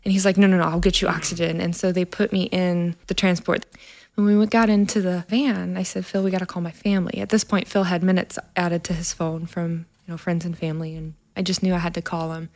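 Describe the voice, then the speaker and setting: Woman with a gravelly voice. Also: on the low side, fairly quick. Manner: earnest, storytelling with lively quoted dialogue. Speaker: guest, trauma nurse. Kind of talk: personal story in a conversation.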